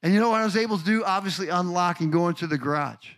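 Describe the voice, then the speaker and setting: Animated older male pastor preaching. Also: high voice, racing. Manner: animated, asks the congregation questions, acts out stories. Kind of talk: sermon.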